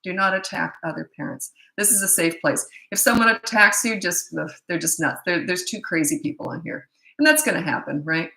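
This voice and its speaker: A woman's voice: lowish voice, animated, fairly quick, creaky, pushed and bright, roomy sound, rough recording. A middle-aged woman parenting coach answering questions in a blunt, opinionated, casual way. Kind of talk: casual Q&A talk to camera.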